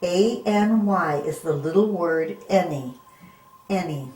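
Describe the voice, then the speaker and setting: A woman's voice: lowish voice, slow pace, a little mellow, slight background noise. A woman teaching a phonics lesson to young children, sounding words out letter by letter and coaxing them with questions. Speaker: reading teacher. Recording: echoey room.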